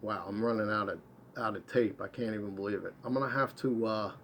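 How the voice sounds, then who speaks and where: A man telling a first-person story, rambling, repeating and correcting himself, his voice trailing off quietly at the end of phrases. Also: on the low side, fairly even intonation, a little fast, slight background noise.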